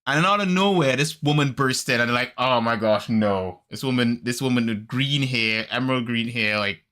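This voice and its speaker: A podcast host chatting casually, retelling a story in an animated way and acting out the characters. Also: male voice, medium pitch, a little fast. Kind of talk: casual chat.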